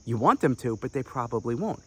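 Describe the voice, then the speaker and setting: A man giving direct-to-camera business advice as an online coach, energetic and chatty with playful asides. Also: medium pitch, brisk, slightly rough.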